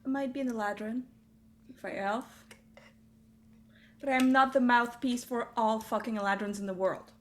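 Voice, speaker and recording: Woman, tabletop player, somewhat high voice, blunt, exasperated, faint background noise. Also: steady tone, normal speed, long pauses, fairly bright tone. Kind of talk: tabletop role-play.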